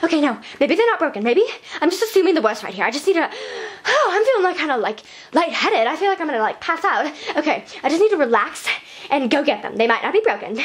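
A woman's voice: high-pitched, very animated, fast talker. Woman voicing Paisley, a vain, ditzy doll. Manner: valley-girl chatter full of "like"; rambling and scatterbrained. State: breathless from talking fast. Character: vain, ditzy, fabulous female fashion doll. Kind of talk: hyper improvised doll vlog. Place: bedroom at night.

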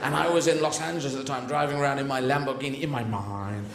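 A man doing live stand-up, rambling and excitable, swearing freely and jumping into voices. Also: medium pitch, fast talker, creaky. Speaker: stand-up comedian. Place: live comedy venue. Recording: echoey live venue with background noise.

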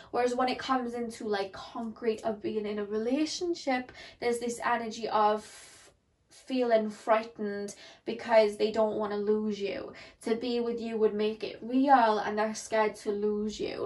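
A young woman chats her way through a tarot reading, her voice sitting a little high. She rambles loosely, filling her sentences with "like" and "um" as she explains the cards. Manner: chatty, rambling, frequent "like" and "um". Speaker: tarot reader.

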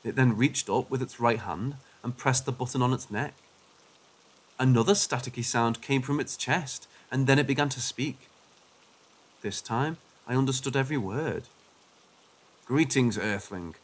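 A man's voice: mid-range voice, moderate pace, husky. A man reading out a first-person paranormal story as scripted narration, telling it dramatically.

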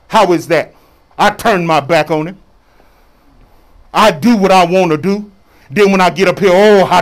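A man preaching a sermon as a bishop, colloquial and preacherly, calling out to his congregation for responses. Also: high voice.

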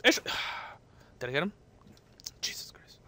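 A gaming channel host doing let's-play commentary, hyper and excitable, jumping between sudden yelps and low mutters and trash-talking opponents. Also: unhurried, dry recording, whispered.

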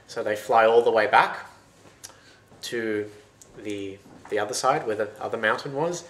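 A man retelling a folktale in a loose, lively, conversational way. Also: lowish voice, moderate pace, slight background noise. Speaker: storyteller. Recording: roomy echo.

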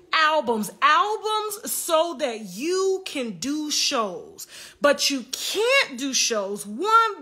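A woman's voice: high voice, bright, forceful tone. A woman hosting a livestream, delivering an emphatic, repetitive, taunting commentary rant. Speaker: online show host.

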